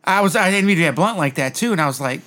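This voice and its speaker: A man's voice: on the high side, animated, very fast, pushed and bright. A man hosting a podcast in casual chat, rambling through a story with frequent restarts. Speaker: podcast host.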